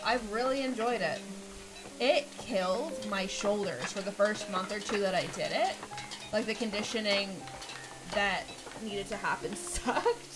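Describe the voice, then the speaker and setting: A woman's voice: mid-range voice, a little slow, over music, rough recording. A young woman in casual chat as a stream guest, talking in a slangy Valley Girl manner and swearing freely.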